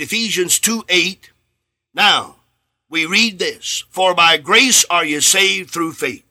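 On the radio, a man preaches a sermon in a bright, piercing voice pitched high and lively. Slow and emphatic, he climbs to loud swells and drops to nearly hushed lines, briefly acting out little snippets of dialogue along the way.

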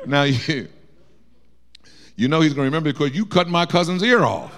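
A man teaching a Bible study, explaining verses and acting out quotes in a lively way. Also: on the high side, very fast, vocal fry. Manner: lively, acts out quotes with shifting voice.

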